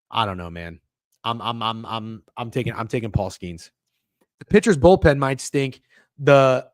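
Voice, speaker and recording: An excitable young man riffs through his betting picks in a loose, profane ramble, tripping over restarts. His pitch leaps around in a very animated way. The sound is dry and close, with no room around it. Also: no echo. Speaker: sports betting show host. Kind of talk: casual livestream betting talk.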